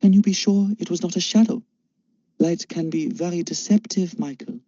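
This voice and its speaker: A cool, detached mentor with a German accent asks calm, probing questions, played by a man. He speaks higher than the reader's own voice, with a dark, dull tone. The recording is dry and lo-fi. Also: normal speed, dry recording. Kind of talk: audiobook character voice.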